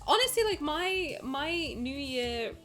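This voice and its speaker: A young woman chatting casually on a live stream, bubbly and warm with her viewers, greeting them one by one. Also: sits high, animated, takes it slowly, soft background music.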